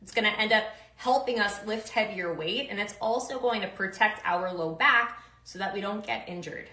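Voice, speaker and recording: A woman's voice: mid-range voice, moderate pace, bright, forceful tone, reverberant, low-quality recording. A woman strength coach giving upbeat, casual instructions with slang and countdowns for kettlebell lifts.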